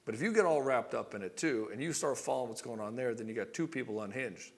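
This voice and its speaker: A man's voice: medium pitch, fast talker. A middle-aged man coaching married men in a casual monologue, blunt and profane, acting out both sides of arguments. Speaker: relationship coach.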